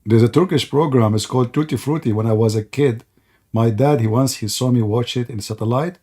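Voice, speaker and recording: A man's voice: medium pitch, a little fast, darkish tone. A man hosting a live online debate, mocking and sarcastic, laughing often and saying he is losing his voice. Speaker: debate host.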